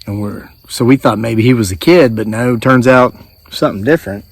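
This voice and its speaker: A man in his forties with an Appalachian American accent, telling a story in a casual, animated way. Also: mid-range voice, moderate pace, vocal fry, dry recording. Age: 40s. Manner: animated, acts out voices in quotes. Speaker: homesteading vlogger.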